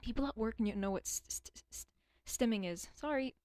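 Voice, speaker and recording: A woman's voice: a little high, normal speed, a little mellow, no room sound. A young woman streaming alone, chatting casually and rambling, swearing often and stuttering at times. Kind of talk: casual livestream chat.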